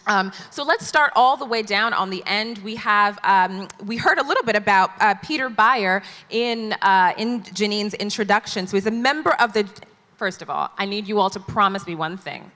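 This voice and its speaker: A woman's voice: medium pitch, normal speed, pushed and bright. A woman moderating a conference panel, introducing the guests in a chatty, playful way. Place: large conference hall stage. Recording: long hall reverb.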